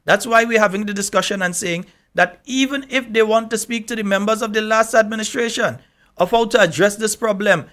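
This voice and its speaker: A man's voice: sits high, a bit bright. A man with a Grenadian accent hosting a call-in radio talk show, speaking emphatically and scolding at times.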